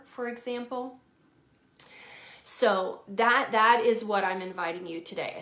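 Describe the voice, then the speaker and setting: A woman's voice: medium pitch, fairly bright tone. Candid Southern woman in an echoey room. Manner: candid and informal, swears freely, laughs easily. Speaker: healing coach. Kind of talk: casual talk to camera. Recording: roomy echo.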